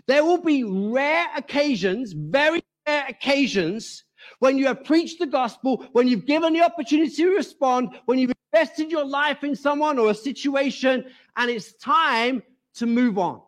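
High-voiced preaching man. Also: lively intonation, normal speed. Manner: explains scripture with rhetorical questions. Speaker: pastor. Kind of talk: sermon.

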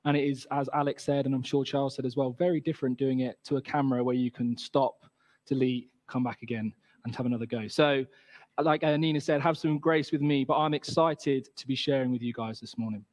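A man's voice: mid-range voice, steady tone, brisk, a little mellow. A man, giving a talk to a gathering and telling a personal story in a casual, chatty way, acting out quotes.

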